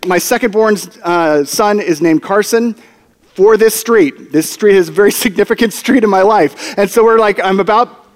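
At a normal speed, a man whose voice is bright and high delivers a storytelling sermon to his church, acting out lines and timing his comedy well. His words echo with a long, reverberant hall sound.

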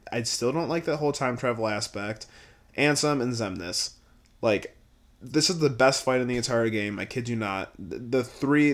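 A man giving a casual, profane recap, blunt and exasperated, swinging between low muttering and loud outbursts. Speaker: video creator reviewing a game.

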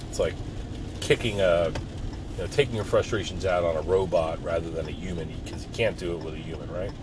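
A middle-aged man talking in a casual, rambling monologue, profane and given to sudden loud outbursts. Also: deep voice, steady tone, fairly quick. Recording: loud road noise behind.

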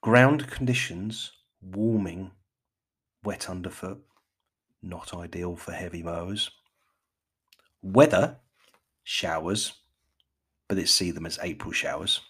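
A man putting on a BBC-style British accent to play a mock radio weather forecaster, reading in a slow, measured, formal way. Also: low-pitched, a bit bright, husky, heavily acted. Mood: solemn announcing. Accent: put-on BBC-style British.

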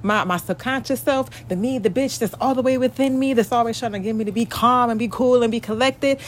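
A young woman, telling a story in a casual rant, profane and exasperated, breaking into shrill mock outbursts. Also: animated, brisk, hardly any pauses.

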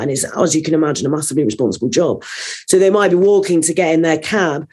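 A woman, a trainer guest on an interview show, telling a long story in a rambling, animated way with many fillers. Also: sits low, quick pace, slightly rough.

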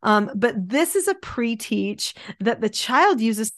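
A woman's voice: a little high, expressive, slow pace, a bit bright, no echo, studio quality. A middle-aged woman teaching parenting methods in an explanatory, emphatic way, often repeating key words. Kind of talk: instructional podcast talk.

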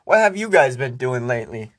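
A man's voice: medium pitch, very animated, fairly quick. A young man hosting a casual solo podcast, rambling and swearing freely as he talks to himself and his listeners. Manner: profane, rambling, self-talking. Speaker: podcast host.

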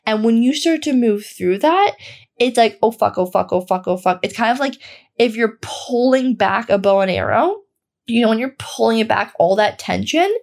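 A woman's voice: a little high, lively intonation, moderate pace, darkish tone. A young woman hosting a self-help podcast. She talks casually and candidly, swears freely and says "like" constantly. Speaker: podcast host.

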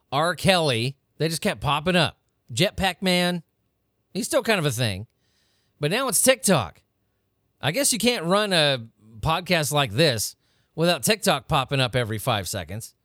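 Animated, swearing podcast host man. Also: on the high side, no room sound, studio quality. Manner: profane, animated, incredulous. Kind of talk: casual comedic rant.

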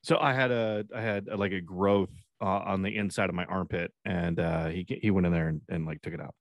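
A man's voice: deep voice, fairly even intonation, brisk, no echo, dull audio. A man co-hosting a podcast, talking in a laid-back, wry, casual way and swearing freely. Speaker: podcast co-host. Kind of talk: casual chat.

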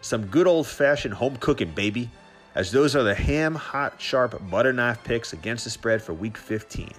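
A man's voice: mid-range voice, expressive, normal speed, faint music behind. A man in his thirties hosting a casual sports podcast, rambling with many restarts and growing heated as he tells a story. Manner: rambling, frequent restarts and fillers, gets heated. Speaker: podcast host.

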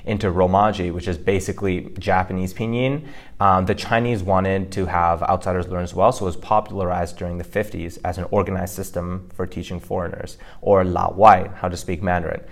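A man's voice: low-pitched, little pitch movement, fairly quick. A man co-hosting a language-learning podcast, explaining Mandarin pronunciation casually with frequent fillers. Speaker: podcast co-host teaching Mandarin.

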